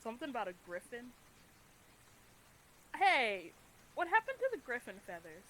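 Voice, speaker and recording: A woman's voice: fairly high pitch, huge pitch swings, normal speed, fairly bright tone, slight background noise, poor audio. A woman playing in a tabletop game, talking in a rambling, playful way with many fillers. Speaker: player. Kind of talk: casual tabletop play.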